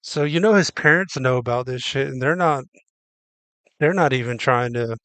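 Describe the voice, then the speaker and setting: Guy reacting to a clip, blunt and swears a lot, smooth clear voice, dry close sound. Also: medium pitch, moderate pace, fairly bright tone, no echo. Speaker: streamer reacting to a video. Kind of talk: casual reaction commentary.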